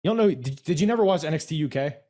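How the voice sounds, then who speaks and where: A man with a voice on the high side but dark in tone co-hosts a podcast, chatting casually about wrestling. He's animated and very fast, rambling, correcting himself and gesturing as he talks.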